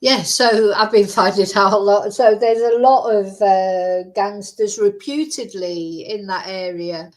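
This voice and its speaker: A woman's voice: medium pitch, steady tone, a little slow, few pauses. Chatty woman hosting a true crime livestream. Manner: chatty and rambling, with many fillers. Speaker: true crime channel host. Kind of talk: casual livestream commentary.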